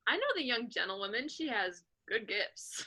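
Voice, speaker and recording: A woman reading an eager young country gentleman in a casual amateur play reading, bright, quick and playful. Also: on the high side, expressive, husky, full character voice.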